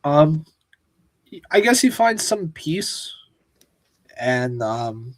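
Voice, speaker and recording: Ranting and cursing freely, a man co-hosts a laid-back pop-culture podcast. He speaks in an animated, fairly high voice but slowly, pausing often, on a dry recording.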